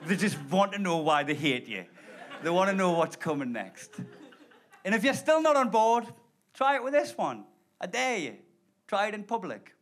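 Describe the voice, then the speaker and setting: A man's voice: high voice, big pitch swings, moderate pace, fairly bright tone. A man doing live stand-up storytelling, talking conversationally and directly to the crowd. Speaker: stand-up comedian. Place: stage before a live audience.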